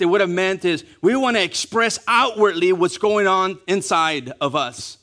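A man preaching a sermon, acting out quotes and dropping to a hush on key words, asking the congregation to repeat after him. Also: high voice. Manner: animated, acting out quotes, dropping to hushed emphasis; repeats key phrases, asks congregation to say it along. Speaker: pastor.

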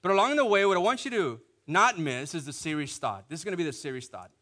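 A married man preaching a sermon to a congregation, repeating phrases and acting out quick asides. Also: fairly high pitch. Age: adult, married. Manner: animated, repetitive preaching with acted asides. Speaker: pastor.

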